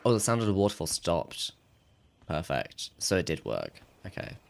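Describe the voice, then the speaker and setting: A man's voice: sits low, wildly swooping pitch, moderate pace, gravelly. A man live-streaming casually, rambling to himself as he fixes tech problems and laughing at himself. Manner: rambling, talks to himself while fixing tech; laughs at himself, self-mocking.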